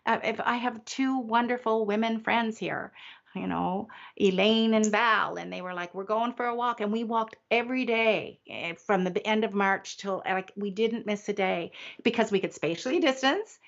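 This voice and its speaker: An older woman from Canada, a guest in a conversational interview, speaking reflectively with frequent restarts and soft laughs. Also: medium pitch, gravelly, highs cut off. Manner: reflective, halting, often restarts and laughs softly.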